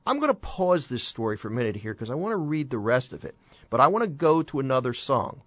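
A man's voice: medium pitch, sing-song, quick pace, fairly bright tone, no echo. A man leads a conversational Bible teaching between songs, explaining scripture in plain everyday words. He leans on rhetorical questions and folksy asides. His voice sits close to the mic in a dry, dead-sounding space. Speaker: host and preacher.

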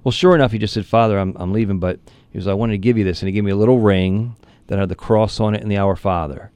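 Deep-voiced priest telling a story. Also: male voice, fast talker, clean tone, no room sound. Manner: earnest, animated storyteller with frequent restarts. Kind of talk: interview conversation, storytelling.

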